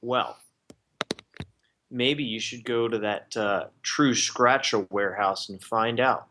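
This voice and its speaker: A man's voice: lowish voice, takes it slowly, bright, forceful tone. A man voicing a bitter, defiant seventy-year-old male prisoner who speaks with scorn and swears freely. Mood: cold. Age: 70s.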